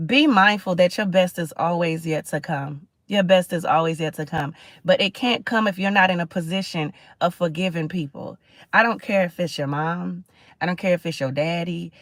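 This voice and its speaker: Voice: mid-range voice, a bit bright, no room sound. A Caribbean-born livestream host giving a preachy, conversational motivational talk, often checking in with listeners and answering viewer comments.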